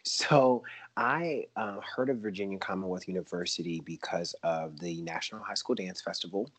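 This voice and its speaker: A man in his thirties, a dancer and stage performer, chatting as a podcast guest in an animated, talkative way and laughing often. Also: low voice, normal speed, no echo. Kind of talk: casual conversational storytelling.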